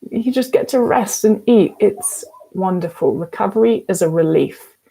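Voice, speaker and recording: A woman's voice: medium pitch, moderate pace, vocal fry, warm tone, slightly rough. A woman, giving frank, emphatic advice as a recovery coach in a casual vlog and swearing freely. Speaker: eating disorder recovery coach.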